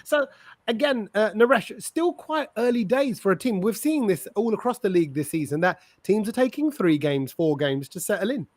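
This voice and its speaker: Man, host, high-pitched, upbeat, chatty, dry close sound. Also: animated, normal speed, a little mellow, no room sound. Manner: chatty, upbeat, reads out viewer messages. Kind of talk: casual chat, hosting a fan show.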